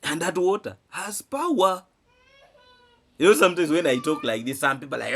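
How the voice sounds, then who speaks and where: A man's voice: fairly high pitch, expressive, normal speed, creaky, fairly bright tone, breathy edge. A man giving emphatic vlog commentary, repeating phrases and asking rhetorical questions. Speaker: vlogger. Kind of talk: animated commentary to camera.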